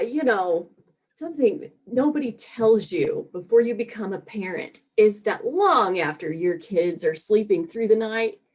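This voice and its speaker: Slow, wry woman doing stand-up. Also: on the high side. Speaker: stand-up comedian. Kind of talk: stand-up comedy set.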